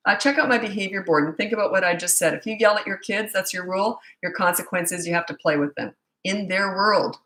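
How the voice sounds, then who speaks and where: A woman's voice: medium pitch, quick pace, bright, forceful tone, roomy sound. A middle-aged woman coaching parents in a rambling, chatty live Q&A with many asides. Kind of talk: casual live Q&A.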